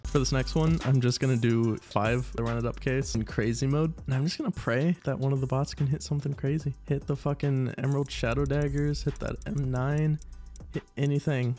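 A congested man giving casual, excitable live commentary while opening cases, swearing often and pleading with the screen. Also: medium pitch, moderate pace, soft background music. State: congested, stuffy nose. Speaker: gaming video creator.

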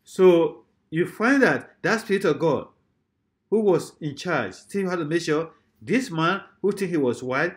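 A man preaching a sermon emphatically, often repeating his phrases and swinging between loud and soft. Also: fairly high pitch, lively intonation, a little slow.

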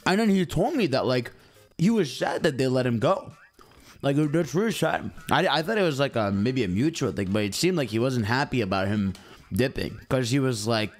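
A man's voice: mid-range voice, animated, moderate pace. Young man chatting on stream. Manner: rambling, chatty, addresses chat directly. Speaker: game streamer. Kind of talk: casual live-stream chat.

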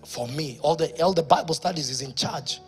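A man with a Kenyan accent, a pastor preaching a sermon in church, moving from quiet storytelling to loud exhortation. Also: a little high, a little fast, soft background music.

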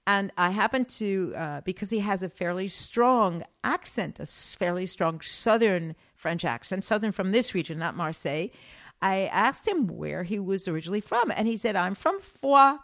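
A woman's voice: mid-range voice, animated, moderate pace, no echo. Woman, American accent, teacherly explainer, casual podcast chat, fillers and restarts, dry close sound. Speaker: podcast co-host; former art school teacher.

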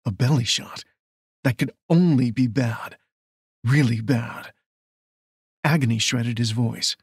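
A man reading a romance novel aloud in a steady, measured storytelling voice. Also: medium pitch, breathy edge, dry recording, studio quality. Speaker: audiobook narrator. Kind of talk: scripted romance narration.

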